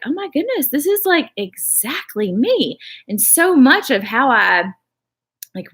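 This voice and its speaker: Bright-voiced woman rambling on a livestream. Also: on the low side. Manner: chatty, rambling, reads comments aloud, says y'all. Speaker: vlogger on a live stream. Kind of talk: casual live-stream chat.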